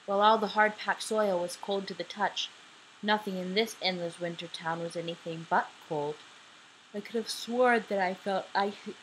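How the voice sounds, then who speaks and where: A young woman in her twenties reads a homemade audiobook into her laptop microphone in her bedroom late at night, sounding sleepy and casual and stopping now and then to apologize. Her voice is mid-range and a bit bright, with fairly even intonation and a moderate pace. The low-quality recording carries slight background noise.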